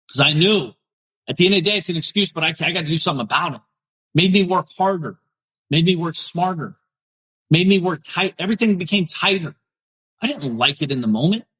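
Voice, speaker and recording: A middle-aged podcast host with a slightly high, pushed, bright and slightly rough voice gives a blunt, fired-up motivational talk live, reading viewer comments. He repeats phrases for emphasis, and the audio is poor.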